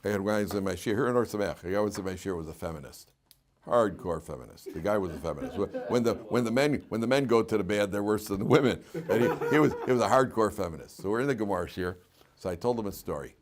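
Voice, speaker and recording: Animated rabbi giving a class. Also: male voice, lowish voice, fast, crowd noise. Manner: animated storyteller, laughs often, repeats himself. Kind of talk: lively classroom lecture.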